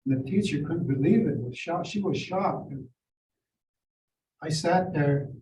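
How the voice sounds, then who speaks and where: An older man from the Seneca Nation, speaking at a school district forum, shares personal memories in a mellow, slightly high voice. He is measured and reflective and quotes people in acted voices. The distant mic catches room echo, faint ambience and slight background noise.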